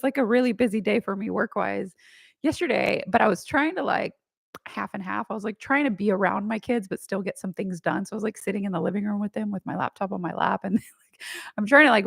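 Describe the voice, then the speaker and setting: A woman's voice: mid-range voice, vocal fry, breathy edge, dry recording. A woman hosting a live question-and-answer stream, chatting casually in a rambling way and laughing often. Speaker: human design reader hosting a live Q&A. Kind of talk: casual livestream chat.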